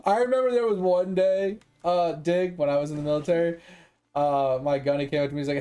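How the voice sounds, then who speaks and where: Mellow-voiced man streamer, casual and profane, rambling chat over faint music. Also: fairly high pitch, very fast. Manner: profane, rambling, laughs often. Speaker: gaming streamer.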